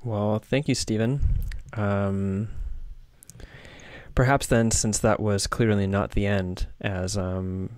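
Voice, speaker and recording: Male interview host, low voice, polite and deliberate, dry sound. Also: fairly even intonation, a little mellow, dry recording. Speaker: podcast host. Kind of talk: interview questions.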